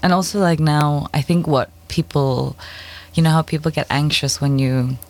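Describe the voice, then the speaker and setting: A woman's voice: sits low, fairly even intonation, normal speed, a little mellow. A woman in casual conversation, talking loosely with many fillers and restarts. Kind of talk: casual chat.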